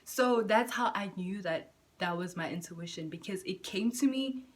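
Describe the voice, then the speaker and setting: A young woman vlogging from home in candid, profane, slang-filled chat, jumping between loud bursts and soft near-whispers. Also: medium pitch, moderate pace. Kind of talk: casual chat to camera.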